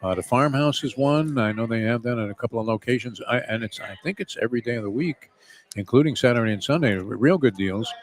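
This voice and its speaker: A man's voice: medium pitch, fast talker. A man co-hosting a casual chat, joking and teasing the others. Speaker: co-host. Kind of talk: casual banter.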